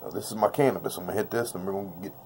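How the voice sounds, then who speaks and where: A lowish male voice talks through a craps throw in loose, slangy, repetitive chat. He is blunt and intense, with a faint hum of room noise behind him. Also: very fast, a little mellow. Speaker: craps dice-control instructor. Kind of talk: casual tabletop tutorial. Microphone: off-camera voice, face never shown.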